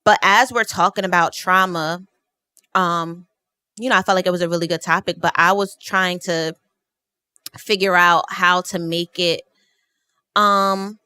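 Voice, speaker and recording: Bright-voiced woman chatting, dry studio sound. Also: on the low side, fairly even intonation, a little slow, pauses often, clean tone, no echo. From New Jersey. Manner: chatty, laughs often while talking. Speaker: podcast guest. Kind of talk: casual podcast chat. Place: podcast studio.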